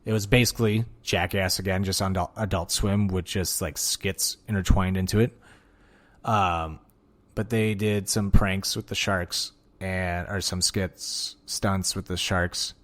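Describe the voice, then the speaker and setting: A man hosting a podcast alone, talking casually and excitedly, with lots of swearing and filler words. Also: low voice, measured pace. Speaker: podcast host. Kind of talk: casual solo podcast monologue.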